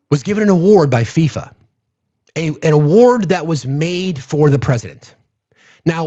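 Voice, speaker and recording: On a muffled recording, a warm, high-leaning male voice delivers an angry political rant on his livestream. He curses, loops back over the same words, and keeps thanking the people watching.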